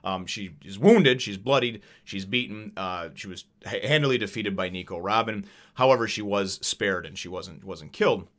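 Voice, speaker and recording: A man's voice: fairly low pitch, moderate pace, a bit bright. Rambling, foul-mouthed male manga reviewer. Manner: rambling, profane, many fillers and laughs. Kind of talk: casual chat.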